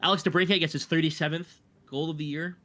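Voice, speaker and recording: A young man co-hosting a casual podcast, enthusiastic and rapid, with a sarcastic streak. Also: a little high, fairly even intonation, bright, forceful tone. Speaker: podcast co-host.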